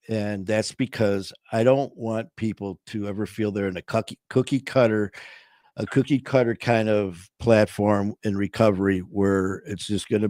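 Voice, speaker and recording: A man's voice: on the low side, dry recording, clean studio sound. A man hosting a livestream, chatting casually in a rambling, informal way full of fillers. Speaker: livestream host.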